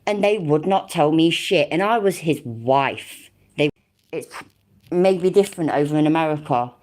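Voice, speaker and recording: A woman's voice: low voice, animated, moderate pace, darkish tone, slight background noise. A woman giving casual reaction commentary on a video, sarcastic and mocking, swearing freely.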